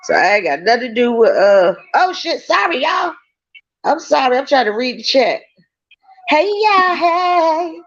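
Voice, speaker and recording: Woman streaming live from her kitchen, blunt, profane, laughs a lot, lively swooping pitch, lo-fi sound. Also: a little slow. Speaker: livestream host. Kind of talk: casual livestream chat. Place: home kitchen, cooking while streaming.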